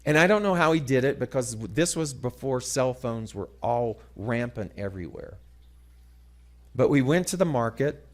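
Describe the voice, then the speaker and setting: A middle-aged man giving a sermon-style talk, telling a story dramatically and moving between loud passages and hushed ones. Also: mid-range voice, lively intonation, normal speed. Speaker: guest speaker.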